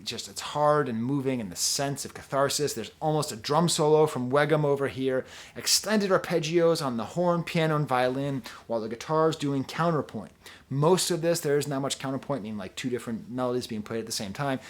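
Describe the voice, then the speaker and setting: A man casually reviewing a concert video song by song, rambling and often breaking off mid-sentence. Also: mid-range voice. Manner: rambling, digressive, self-interrupting. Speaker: music reviewer.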